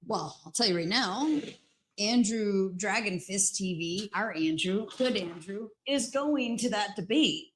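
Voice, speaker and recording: A woman's voice: mid-range voice, expressive, unhurried, a little hiss or hum, poor audio. A woman talking casually in a rambling, teasing way with many fillers. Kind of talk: casual chat.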